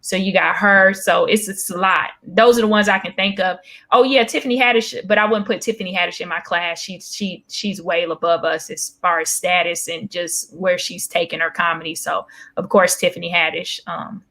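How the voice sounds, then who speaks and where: Young woman comedian chatting, bright ringing voice, gets animated telling stories. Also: on the low side, normal speed. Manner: animated, acts out voices when retelling a story. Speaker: stand-up comedian guest. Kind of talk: casual storytelling chat.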